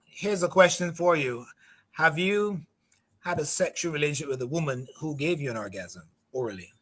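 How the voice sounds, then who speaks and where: A man in his fifties speaking as a guest on a live talk show, asking probing questions in a measured, frank way. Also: a little high, fairly bright tone, husky.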